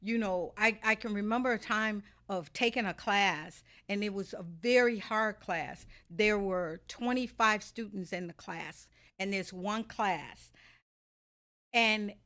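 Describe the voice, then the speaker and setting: A woman's voice: mid-range voice, a bit bright. A woman guest telling a story from her own life in an emphatic, confiding way, repeating herself for emphasis. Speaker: podcast guest, salon founder. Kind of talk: animated personal storytelling.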